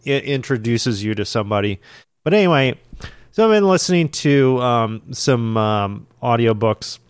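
A man co-hosting a podcast and chatting casually at a middling pitch. He rambles and leans on fillers. The recording is dry and close. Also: moderate pace, smooth, no room sound. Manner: rambling, relaxed, filler-heavy. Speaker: podcast co-host. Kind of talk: casual chat.

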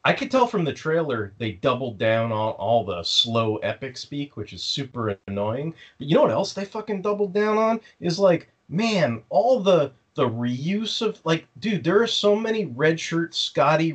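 A man's voice: fairly high pitch, big pitch swings, measured pace, few pauses, breathy edge. A man co-hosting a casual fan podcast, ranting sarcastically with plenty of profanity and mocking impressions of the characters. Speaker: podcast co-host. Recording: slightly dull lo-fi audio.

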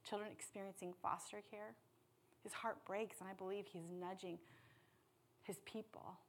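A woman preaching a sermon with passion, dropping to hushed tones and then rising to loud appeals. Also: medium pitch, steady tone, normal speed. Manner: impassioned, swings from hushed to loud.

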